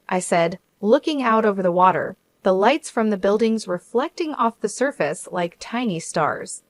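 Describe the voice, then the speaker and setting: A woman reading a first-person story as the narrator, in an even, measured way. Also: medium pitch, no room sound.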